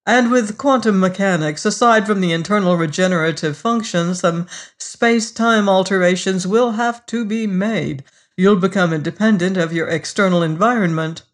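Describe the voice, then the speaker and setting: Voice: medium pitch, lightly acted. Fussy, uneasy storybook devil, read by a narrator. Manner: hesitant, then brisk and peevish. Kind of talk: storybook reading.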